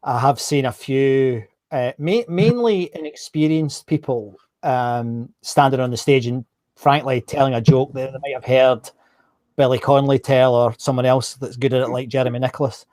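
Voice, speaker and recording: A man's voice: mid-range voice, normal speed, a little mellow, dry recording. Man hosting an interview in a dry room. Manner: frequent short backchannels, rambling and self-deprecating. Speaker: podcast host. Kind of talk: casual interview chat.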